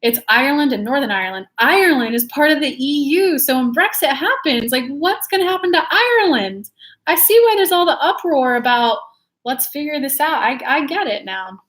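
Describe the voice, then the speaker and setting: A woman's voice: sits high, sing-song, moderate pace, fairly bright tone. A young woman from California chatting casually on a livestream, rambling and laughing as she talks. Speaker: livestream host, tarot reader.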